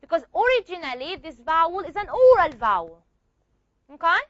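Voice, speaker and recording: A woman teaching a phonetics lesson in class, asking questions and answering them herself, and stretching key words slowly. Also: very high voice, very animated. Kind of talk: classroom lecture. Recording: dull lo-fi recording.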